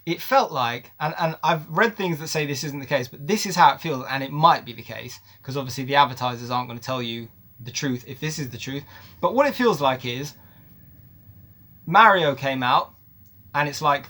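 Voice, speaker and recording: A man's voice: fairly high pitch, normal speed, pushed and bright. A man giving a casual, opinionated film review, emphatic and ranting, repeating words for stress. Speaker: movie reviewer.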